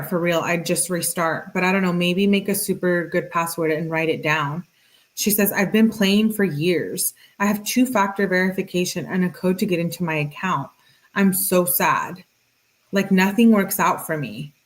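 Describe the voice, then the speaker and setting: A woman hosting a commentary video, reading text messages aloud in a plain, unhurried way with dry asides. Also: on the low side.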